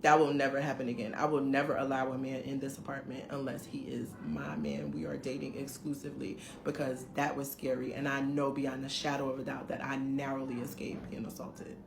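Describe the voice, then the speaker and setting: A woman's voice: extremely low pitch, a little fast, hardly any pauses. A middle-aged woman at home, animatedly telling viewers a story in a casual, emphatic way. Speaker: vlogger recounting a dating experience. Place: her home, indoors. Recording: roomy room echo, faint background hiss.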